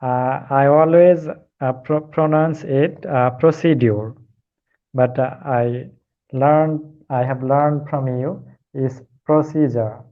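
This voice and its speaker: A man who is not a native English speaker, calling in as a learner and asking questions in a polite, hesitant, halting way. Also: mid-range voice, steady tone, narrow, tinny audio. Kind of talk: deferential call-in questions.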